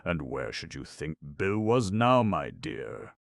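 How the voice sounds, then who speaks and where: A man voicing a scheming old male fence in an audiobook, wheedling with a croaking voice. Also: extremely low pitch, lively intonation, unhurried, dry recording, clean studio sound, full character voice. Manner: wheedling, flares into shouting rage. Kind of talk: audiobook character voice.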